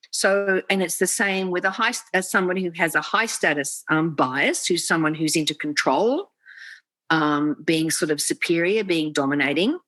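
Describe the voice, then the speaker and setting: A woman's voice: fairly low pitch, moderate pace, a bit bright, dry recording, poor audio. A woman, an executive coach, explaining with animation on a video call and acting out quoted inner voices. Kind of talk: interview talk, explaining.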